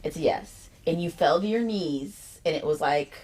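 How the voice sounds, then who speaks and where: A woman hosting a casual interview, expressive and excitable, jumping into high squeals when she quotes reactions. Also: normal speed. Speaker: interview host.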